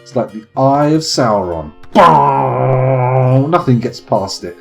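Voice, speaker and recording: A man's voice: mid-range voice, animated, normal speed, a little mellow. A man streams a game live, his voice rising and falling as he chats to viewers. He swears casually and thanks people as they join. Faint guitar music plays behind him. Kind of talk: live gameplay commentary.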